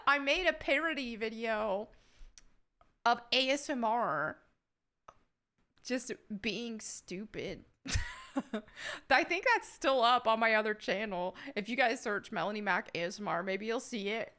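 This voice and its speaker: A woman's voice: on the high side, expressive, a little slow, a bit bright. A woman with a slight Southern American accent, from upstate New York, chatting casually as she reads out and answers her viewers' questions with frequent laughs. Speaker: YouTuber answering member questions. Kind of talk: casual chat.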